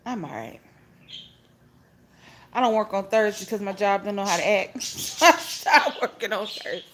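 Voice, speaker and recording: A woman's voice: animated, moderate pace, fairly bright tone, slight background noise. Sing-song chatty woman livestreaming from home. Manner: chatty, greets each viewer with a high sing-song "hey". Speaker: vlogger hosting a phone livestream. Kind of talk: casual livestream chat, greeting viewers. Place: at home, indoors. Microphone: phone held at arm's length. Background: pet birds chirping.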